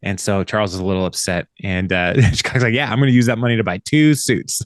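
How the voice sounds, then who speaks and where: This podcast host is a fast-talking man with a lowish voice. He goes over an episode in a loose, rambling way, often breaking into laughter and voicing the characters' lines himself, all captured in a dry, clean studio recording.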